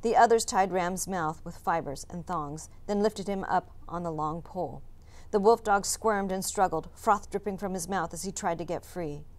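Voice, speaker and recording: A woman teacher reading a chapter book aloud, narrating in a calm, measured way. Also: fairly low pitch. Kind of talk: storybook read-aloud narration.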